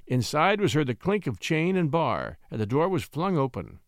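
Expressive male storyteller, dry sound. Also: a little high, moderate pace, hardly any pauses, no room sound. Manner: expressive reading. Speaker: audiobook narrator. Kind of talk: scripted storybook narration.

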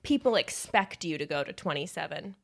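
A woman hosting a podcast in casual chat, listening with many mm-hmms and asking thoughtful, halting questions. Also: deep voice, animated, gravelly. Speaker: podcast host.

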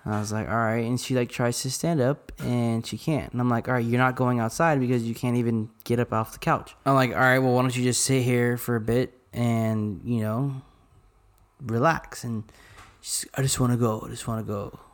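A man from Arizona, co-hosting a podcast, retelling a night out in a casual, animated way full of quoted dialogue and swearing. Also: mid-range voice, normal speed. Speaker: podcast co-host. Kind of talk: casual storytelling chat.

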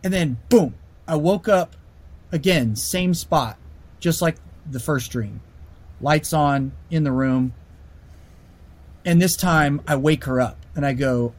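Animated man telling a story casually. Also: fairly high pitch, unhurried. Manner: animated, lots of fillers and restarts.

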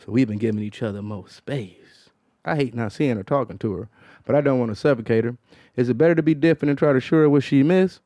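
A man hosting a podcast, chatting casually with crude, animated storytelling. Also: mid-range voice, fast, no echo. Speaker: podcast host. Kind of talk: casual comedic chat.

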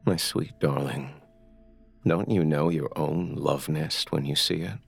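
A man voicing a creepy, obsessive male captor who speaks slowly and with menace, in a horror story. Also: a bass voice, steady tone, dry recording, soft background music, full character voice. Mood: mocking. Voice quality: gravelly, breathy. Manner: slow, leering, menacing.

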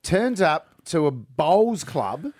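A man's voice: on the high side, big pitch swings, slow, darkish tone, no room sound. A man with an Australian accent hosts breakfast radio in a slightly raised voice, teasing his guests with playful asides. The studio sound is close and dry. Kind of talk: jokey radio interview.

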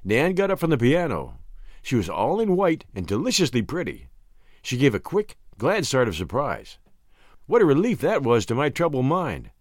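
A man's voice: normal speed, no echo, studio quality. A man narrating a first-person novel as an audiobook, telling the story expressively. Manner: expressive storytelling with wide pitch swings.

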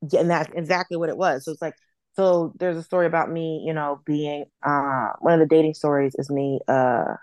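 A woman comedian telling stories on a podcast, lively and blunt, acting out other people's voices and swearing freely. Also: deep voice, a little fast, no echo. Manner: animated storyteller, acts out quoted voices, swears freely. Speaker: comedian guest. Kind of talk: casual podcast storytelling.

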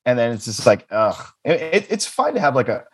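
A man chatting on a podcast, spinning rambling, profane comic anecdotes and laughing often. His voice is husky, and his pitch swings widely as he gets animated. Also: a little fast. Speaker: podcast guest. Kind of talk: casual comedic storytelling.

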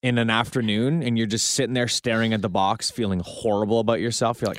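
A man's voice: on the low side, fairly even intonation, quick pace, dry recording. A man co-hosting a radio show in casual chat, playful and acting out little scenes. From Italian background. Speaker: radio co-host.

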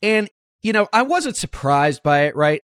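In clean studio sound with no echo, this male podcast host talks politics casually, wry and conversational, dropping in quotes as asides. His voice sits high, a bit bright and sing-song, at normal speed.

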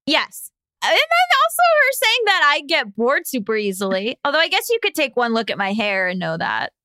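A woman with a high, bright voice co-hosts a casual podcast, spinning chatty stories and laughing often. The sound is dry and close. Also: huge pitch swings, normal speed, clear, resonant tone, no echo. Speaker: podcast co-host. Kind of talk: casual chat.

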